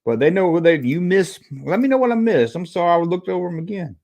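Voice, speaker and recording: A man's voice: high voice, very animated, fast talker, darkish tone. A man hosting a casual livestream review, rambling and reading viewer chat aloud. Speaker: livestream host.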